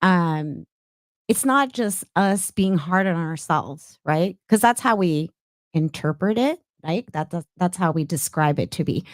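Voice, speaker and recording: Woman guest, clinical social worker from the Bay Area, lower voice, thoughtful explainer, dry recording. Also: expressive, unhurried, no echo. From San Francisco Bay Area. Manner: thoughtful, explains with frequent "right?". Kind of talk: casual interview.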